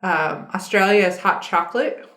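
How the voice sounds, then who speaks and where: A woman's voice: medium pitch, normal speed, a bit bright. A woman co-hosting a podcast in casual chat, reading out facts from a web page as she talks. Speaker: podcast co-host. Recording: roomy echo.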